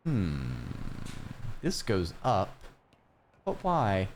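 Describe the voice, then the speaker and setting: Slow, lively-pitched gameplay streamer. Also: a little hiss or hum. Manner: rambling, joking self-talk. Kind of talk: live-streamed gameplay commentary.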